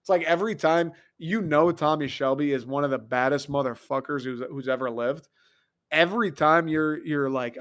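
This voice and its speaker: An American man hosting a podcast, ranting casually about TV in an excitable, profane, animated way. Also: a little high, normal speed. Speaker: podcast host. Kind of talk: casual solo rant.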